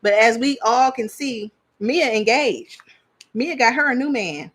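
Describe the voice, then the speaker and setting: A woman's voice: fairly high pitch, lively intonation, unhurried, a bit bright, husky. Blunt, chatty woman reviewing reality TV. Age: adult parent. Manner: chatty, blunt, laughs often, trails off searching for names. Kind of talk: casual commentary.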